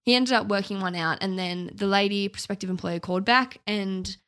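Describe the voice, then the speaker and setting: A woman's voice: medium pitch, brisk, a bit bright. A young woman, a podcast co-host, telling a story in casual chat; she is chatty, swears casually and laughs as she talks.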